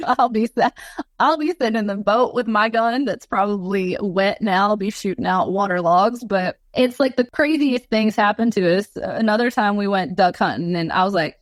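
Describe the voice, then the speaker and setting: A woman tells a long, rambling story as an interview guest, leaning on filler words as she goes. Her voice sits at an ordinary middle pitch. The sound is close and dry, with no room echo at all. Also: normal speed. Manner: animated, rambling storyteller with many fillers and laughs.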